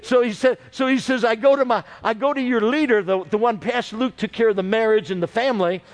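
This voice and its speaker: High-voiced pastor preaching a story sermon. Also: male voice, quick pace. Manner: storytelling preacher with call-and-response.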